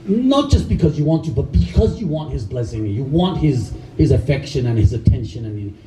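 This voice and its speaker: A middle-aged man who is a karate instructor, telling animated stories to a live audience, laughing often and acting out the people he quotes. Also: mid-range voice, fairly quick, slight background noise. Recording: echoey room, voice far from mic.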